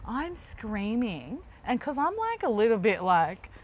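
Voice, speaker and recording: With a slightly high voice at a measured pace, plus a little hiss or hum, the Australian mother in her thirties keeps the family travel chat casual. Her storytelling is lively, peppered with laughs and plenty of "like."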